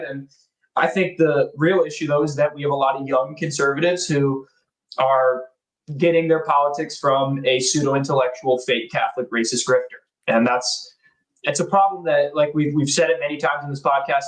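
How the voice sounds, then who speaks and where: Man, podcast co-host, animated storyteller, laughs a lot, slightly high pitch, echoey room. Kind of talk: casual political podcast chat.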